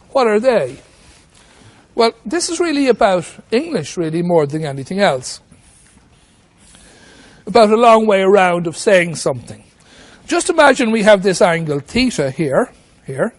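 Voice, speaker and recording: A man's voice: high-pitched, big pitch swings, a little slow, long pauses. A man teaching maths at a whiteboard, walking through each step and asking himself questions as he goes. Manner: talks through steps with rhetorical questions. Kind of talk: whiteboard lesson.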